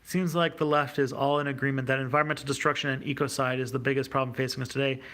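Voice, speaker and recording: A man's voice: mid-range voice, level tone, very fast, a bit bright. A man hosting a livestream, reading out viewer questions and answering them off the cuff, with a hesitant delivery full of fillers and restarts. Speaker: YouTube host.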